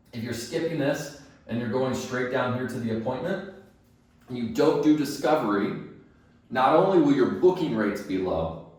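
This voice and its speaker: This instructional talk comes from a man with a mid-range, slightly mellow voice who trains dental staff in phone skills. He speaks emphatically, answering his own questions, and sounds distant in a very echoey room.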